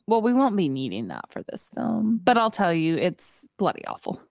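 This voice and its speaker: Animated woman retelling a movie. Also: on the low side, moderate pace, gravelly, no room sound, clean studio sound. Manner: animated retelling, acting out characters' lines; frequent "like" fillers and laughter. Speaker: podcast co-host. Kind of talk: casual movie recap chat.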